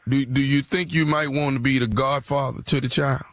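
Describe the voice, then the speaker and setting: A man making a prank call on a radio show, deadpan and provoking, with slangy talk. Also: mid-range voice, brisk, background noise. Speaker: prank caller.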